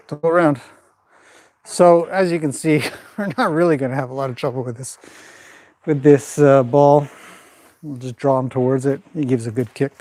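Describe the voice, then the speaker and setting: Calm man coaching a horse. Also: a little high, no echo. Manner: calm running commentary mixed with soft praise to the horse. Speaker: horse trainer. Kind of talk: explaining while training a horse.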